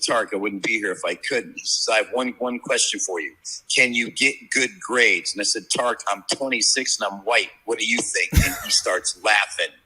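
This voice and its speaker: A man's voice: mid-range voice, bright, forceful tone, slightly rough, rough recording. A man in his fifties, a sports handicapper, telling brash, profane, rambling stories in casual podcast chat. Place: media row at a sports event.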